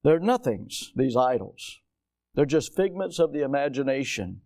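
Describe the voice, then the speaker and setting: A middle-aged pastor preaching a sermon, reading scripture aloud and rising to emphatic declarations. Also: male voice, mid-range voice, sing-song, normal speed, darkish tone.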